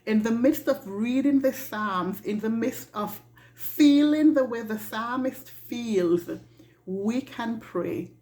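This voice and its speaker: A woman giving a devotional reflection in an earnest, halting way, often repeating her words. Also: on the high side, mellow. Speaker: devotional speaker. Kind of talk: slow reflective devotional talk.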